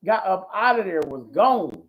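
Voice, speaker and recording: A man hosting a ministry talk show, talking in a folksy, preachy way, repeating himself and whooping with excitement. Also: high voice, measured pace. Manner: exclamatory and repetitive, whooping with excitement. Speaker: host. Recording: dull lo-fi audio.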